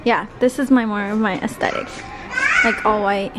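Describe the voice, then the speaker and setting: A woman's voice: mid-range voice, steady tone, normal speed, over loud music. A young woman vlogging in a furniture store, talking to the camera in a chatty and playful way. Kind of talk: casual vlog chat.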